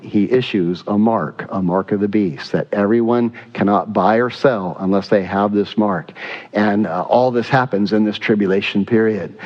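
A pastor preaching a sermon to a congregation, reading scripture aloud and asking the people questions. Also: male voice, on the low side. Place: church sanctuary. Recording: dull sound in a reverberant church hall.

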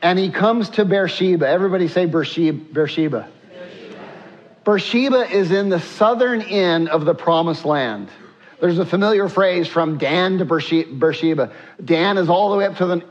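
A man preaching a sermon to his church, with frequent filler sounds and hushed acted-out prayers. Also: fairly high pitch, muffled recording. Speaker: pastor.

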